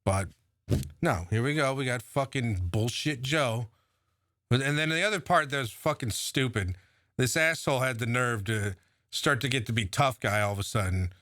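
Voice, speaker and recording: A man's voice: mid-range voice, normal speed, fairly bright tone, no room sound, studio quality. A man delivering an angry, profane political rant, mocking and heated as he comments on a clip.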